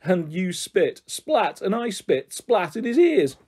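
A man reading a children's novel aloud in a lively, expressive storytelling manner. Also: sits high, slow pace, breathy edge. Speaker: audiobook reader.

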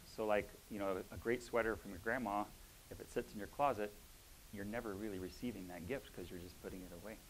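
A man with a fairly low voice shares a spiritual reflection with a congregation. He talks in a thoughtful, halting way, full of pauses and fillers. A faint hiss sits under the recording. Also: low-quality recording. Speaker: church member sharing a word. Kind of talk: informal sermon sharing.

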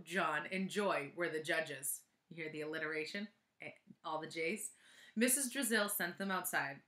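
A woman's voice: lowish voice, bright, forceful tone. A woman reading a children's chapter book aloud with chatty asides, in an echoey room. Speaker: reader.

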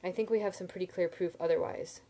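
A woman reading a novel aloud, voicing a shaken but wry and steady young man student in a dry, understated way. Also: fairly low pitch, fast, close to an everyday voice. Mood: calm.

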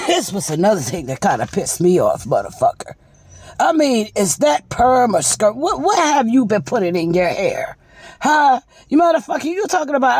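A woman's voice: fairly high pitch, sing-song, normal speed, a little mellow, breathy edge, no room sound. A woman giving profane, mocking comedic roast commentary. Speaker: commentary vlogger.

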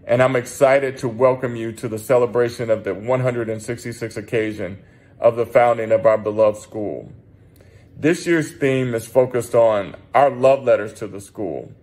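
A man, a board chair, giving a measured, formal welcome address at a ceremony. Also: mid-range voice, a little mellow.

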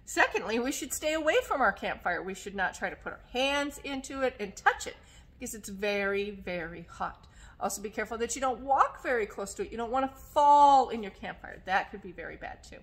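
A woman librarian leading a children's story time, singing songs and speaking slowly and animatedly to small children. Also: on the high side. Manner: slow, sing-song and animated for small children; coughs now and then. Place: public library.

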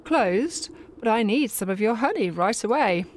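A woman playing a no-nonsense witch on an errand, getting straight to the point. Her voice moves lively up and down, with a faint hiss in the background. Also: a little high, normal speed, natural voice. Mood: insistent. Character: brisk female witch on an errand.

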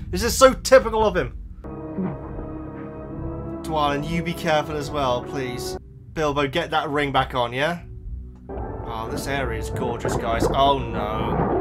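A man hosting a film reaction, talking to the screen and cheering excitedly. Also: fairly high pitch, a little slow, pauses often, over music. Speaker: reaction video host.

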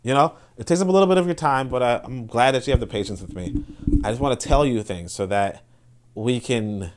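A man hosting a podcast, talking through ideas in casual spoken commentary, rambling with many restarts and fillers and breaking into animated bursts. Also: medium pitch, a little fast. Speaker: podcast host.

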